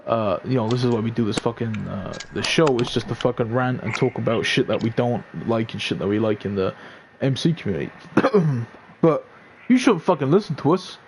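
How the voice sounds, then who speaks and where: A man co-hosting a casual podcast chat, ranting quickly and swearing freely. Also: mid-range voice, animated, noisy background. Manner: fast, swearing rant. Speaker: podcast co-host.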